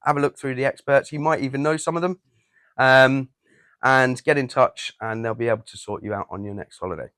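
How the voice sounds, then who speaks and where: A man co-hosting a relaxed chat, talking freely and warmly about old work days. His voice sits at an ordinary pitch. The recording is dry and close. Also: fairly quick, smooth, no echo. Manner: chatty, plugs a travel business. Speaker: podcast co-host. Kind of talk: casual chat.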